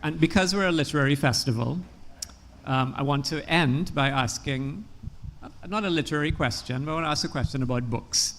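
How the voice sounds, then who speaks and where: A man's voice: fairly high pitch, brisk. A man moderating a literary festival panel, introducing questions in an easy, conversational way.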